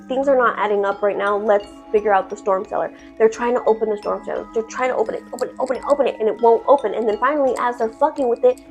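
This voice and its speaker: A woman telling a horror story casually, animated and full of swearing and fillers. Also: mid-range voice. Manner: profane, animated, filler-heavy.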